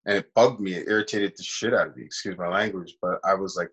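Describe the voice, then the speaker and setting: A man's voice: fairly low pitch, fast talker, hardly any pauses, a bit bright, slightly rough, dull audio. A man, an actor, casually telling a long personal story in an interview and acting out the voices of people he quotes. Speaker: actor guest.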